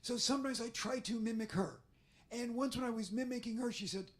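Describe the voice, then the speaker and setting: A man with a hoarse, damaged voice speaks at a bookstore author event as a theatrical, self-deprecating storyteller. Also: very high voice, steady tone, fairly quick, a little hiss or hum. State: hoarse, damaged voice after covid.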